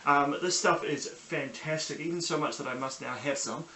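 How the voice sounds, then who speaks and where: A young New Zealand man rambles through a casual review, full of ums and restarts. His voice is bright and forward, and it bounces around a small echoey room with a faint hiss behind it. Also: a little high, moderate pace. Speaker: podcast host. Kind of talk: casual solo review vlog. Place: small sunny room at home.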